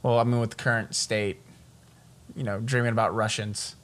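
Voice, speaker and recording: A young man co-hosting a podcast, reacting to stories with quick, excitable jokes. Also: lowish voice. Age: young adult. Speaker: podcast co-host. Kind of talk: casual podcast chat.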